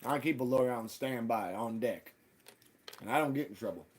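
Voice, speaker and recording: Husky-voiced man ranting profanely. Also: moderate pace. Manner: animated, profane, swings loud and high when quoting people. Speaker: livestream host. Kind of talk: casual profane ranting monologue.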